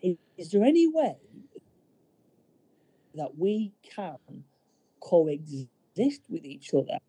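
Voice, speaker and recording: A man voicing an older woman who pleads with an alien in a high, halting falsetto. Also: sing-song, mellow, slightly rough, dry recording, heavily acted. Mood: pleading.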